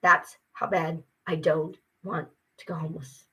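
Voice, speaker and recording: A woman's voice: low-pitched, flat delivery, a little slow, a bit bright, husky. A tired woman ranting casually to camera, frustrated and swearing as she vents. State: exhausted. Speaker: vlogger. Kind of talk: casual vlog rant.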